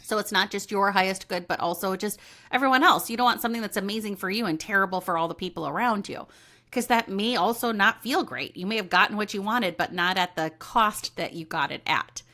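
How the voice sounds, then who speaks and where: Chatty woman podcast host, bright forceful voice, lively and casual, acts out little quotes. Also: medium pitch, brisk. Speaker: podcast host and intuitive medium. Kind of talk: casual solo podcast talk.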